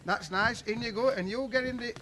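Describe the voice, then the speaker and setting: A man's voice: very high-pitched, a little fast. A man hosting a TV game show, jokey and chummy, calling everyone love and flower. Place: TV studio with live audience. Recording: old broadcast tape with audience and hiss. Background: studio audience.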